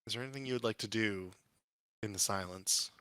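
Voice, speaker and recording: A man's voice: lowish voice, fairly quick, bright, forceful tone, clear, resonant tone, dry recording. A man narrating as dungeon master, describing scenes with frequent fillers and restarts. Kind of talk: narrating a tabletop game.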